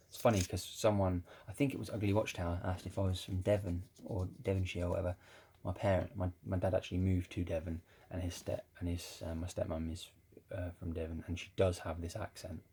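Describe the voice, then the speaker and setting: A man's voice: deep voice, creaky, dark tone, breathy edge. A man telling a rambling, casual story about his family, swearing now and then. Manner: rambling, with many restarts and swearing. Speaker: ex-Jehovah's Witness vlogger.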